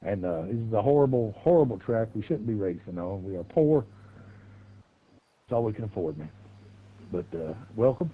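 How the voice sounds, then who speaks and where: A man's voice: fairly low pitch, expressive, moderate pace, long pauses, narrow, tinny audio. A middle-aged man, hosting a live game stream with laid-back, rambling, folksy talk. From Southwest Virginia, USA. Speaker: streamer and race host. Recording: game car noise behind voice.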